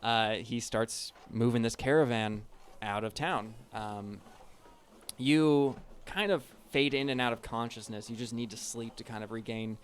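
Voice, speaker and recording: A man's voice: medium pitch, unhurried, slight background noise. A man narrating a tabletop role-playing game as game master, loose and casual, with lots of ums and likes.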